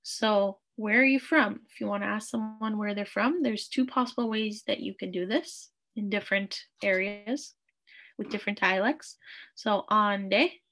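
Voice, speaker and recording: A woman teaching a beginners' language class online, saying each phrase slowly and repeating it patiently. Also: medium pitch, a bit bright.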